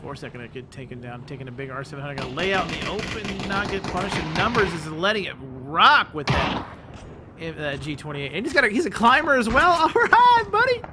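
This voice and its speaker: A man doing live play-by-play commentary on an esports match, rapid and excitable, often correcting himself. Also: a little high, over loud music. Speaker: esports caster.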